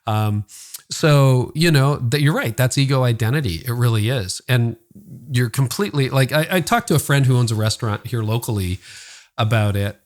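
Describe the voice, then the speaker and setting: A man's voice: medium pitch, expressive, normal speed. A man who is a former pastor, talking candidly and earnestly in a podcast conversation, rambling a little and acting out the voices of people he quotes.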